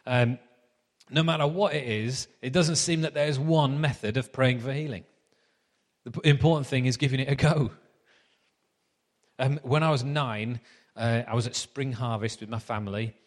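A man in his thirties gives a casual, story-filled sermon, joking at his own expense and filling pauses with ums. His voice sits at an ordinary middle pitch and carries a long hall reverb. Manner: chatty, self-deprecating, many ums. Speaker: preacher. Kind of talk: sermon with anecdotes.

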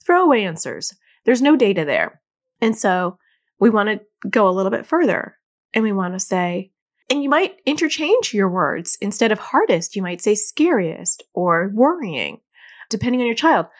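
Lively middle-aged woman giving parenting advice. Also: medium pitch, normal speed. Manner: animated, conversational, laughs at herself. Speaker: podcast host and child anxiety therapist. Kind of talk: casual advice talk to parents.

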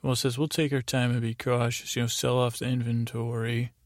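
A man's voice: mid-range voice, little pitch movement, a little fast, no echo, studio quality. A man hosting a sleep podcast, rambling through a show recap in a meandering, self-deprecating way. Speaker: podcast host.

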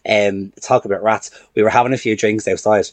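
A man, a podcast guest telling animated, laughing stories in casual chat. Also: lowish voice, brisk, no echo.

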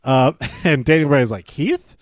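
A man's voice: mid-range voice, unhurried, darkish tone, no echo. A man talks through a wrestling episode in a loose, rambling way, often stumbling and laughing to himself. His voice sits in a middle range, recorded close and dry with no room sound. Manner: rambling, with frequent fillers and laughs. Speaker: wrestling show recapper. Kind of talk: casual recap podcast.

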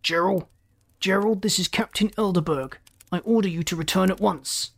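A reader voicing a stern ship captain. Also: male voice, sits high, normal speed, gravelly, pitched above the performer's own voice. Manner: stern, official. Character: stern male ship captain giving orders.

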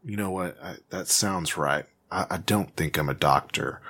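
A man's voice: sits low, normal speed, few pauses, pushed and bright, breathy edge. A man playing a comic character in a tabletop role-playing game, rambling and hesitant. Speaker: player.

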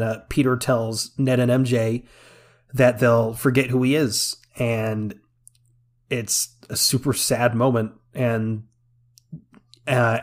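A man co-hosting a casual podcast, recapping a film scene by scene with lots of fillers and laughter. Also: medium pitch. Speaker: podcast co-host. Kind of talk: casual movie review chat.

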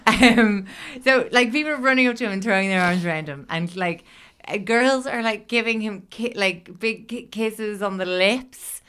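A woman's voice: mid-range voice, moderate pace, fairly bright tone, smooth. A woman hosting a podcast, telling a story in casual chat, full of fillers, swearing and laughter.

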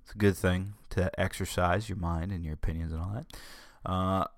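Rambling, low-voiced podcast host man. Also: steady tone, normal speed, gravelly, dry recording, clean studio sound. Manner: rambling and conversational, griping with wry humor. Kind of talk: casual solo podcast talk.

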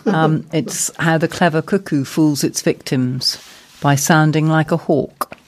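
A radio presenter introducing an item in a relaxed way, with a few fillers. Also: mid-range voice, unhurried.

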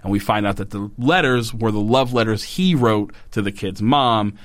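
A man co-hosting a casual podcast, recapping a TV episode in an animated way, swearing and acting out the characters' lines. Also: lowish voice, normal speed, dry recording. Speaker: podcast co-host.

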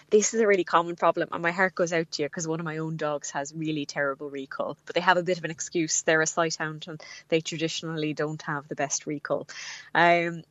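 Brief: low-pitched woman, pet expert guest, reassuring and practical, dull lo-fi line. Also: no room sound. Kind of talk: radio call-in advice.

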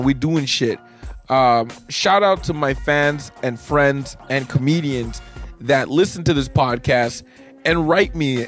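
A man in his thirties hosting a podcast alone, rambling casually with lots of swearing and excitable bursts. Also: mid-range voice. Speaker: podcast host. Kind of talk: casual solo podcast monologue.

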